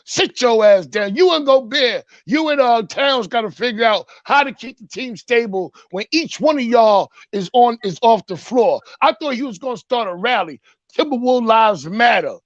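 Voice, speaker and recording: A man's voice: very high voice, animated, normal speed, dry recording, lo-fi sound. A man doing a comedic sports rant segment, mocking and punchy, with a repeated catchphrase. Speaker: sports talk segment host.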